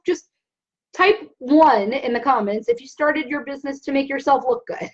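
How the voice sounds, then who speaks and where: A young adult woman giving an energetic business coaching talk on a live stream, often checking in with her viewers. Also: high-pitched, lo-fi sound. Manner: energetic, asks the audience questions.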